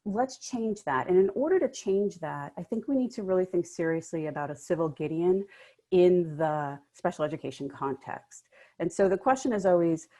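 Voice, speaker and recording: A woman law professor giving fast, emphatic remarks on a panel. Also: on the low side, darkish tone.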